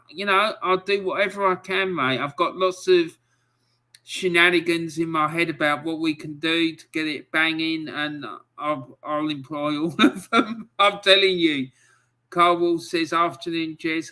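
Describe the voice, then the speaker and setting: A middle-aged man hosting a live football fan stream, chatty and excitable, reading out viewer comments and swearing freely. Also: on the high side, a little slow. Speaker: football fan show host.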